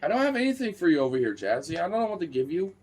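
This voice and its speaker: A man's voice: big pitch swings, very fast, a little mellow, breathy edge. A man talking casually and playfully to his dogs in a vlog, teasing them and swearing lightly. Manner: playful, teasing, swears casually, jumps into high baby-talk pitch with the dogs.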